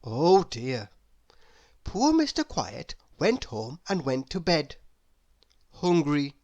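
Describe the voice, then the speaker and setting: A woman reading a children's story aloud, expressive and asking the listener questions. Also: sits low, slow.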